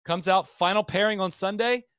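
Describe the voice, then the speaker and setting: A man co-hosting a podcast, telling golf history in a loose, animated way, full of fillers and restarts. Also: high voice, moderate pace, clean tone, dry recording, clean studio sound. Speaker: podcast co-host. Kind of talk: casual golf history chat.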